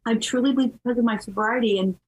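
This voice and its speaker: Lively, chatty woman in her fifties. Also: fairly high pitch, quick pace, low-quality recording. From California. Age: 50s. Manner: animated and chatty, laughs through her stories. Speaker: podcast guest. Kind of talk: candid conversational storytelling.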